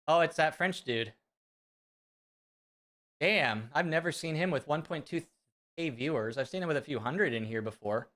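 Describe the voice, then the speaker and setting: A man from Central California, chatting casually and excitably with viewers on a live stream. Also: a little high, moderate pace, pauses often. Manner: rambling, excitable, talks to chat. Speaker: fitness streamer.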